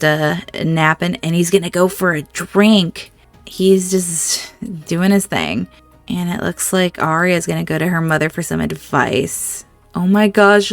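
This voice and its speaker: A woman hosting a let's-play, chatting through the game and reacting emotionally to what happens on screen. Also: lowish voice. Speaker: gaming channel host.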